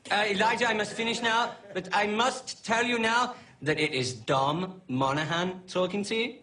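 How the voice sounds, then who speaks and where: A man putting on a disguised high voice to play an overly formal fake interviewer, heard as a distant archive clip. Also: moderate pace, crowd noise, lightly acted. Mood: playful.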